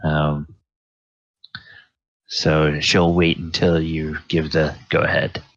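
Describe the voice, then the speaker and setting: A man narrating as game master of a tabletop game, unhurried and full of fillers. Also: extremely low pitch, monotone, gravelly, a bit bright, no room sound, muffled recording.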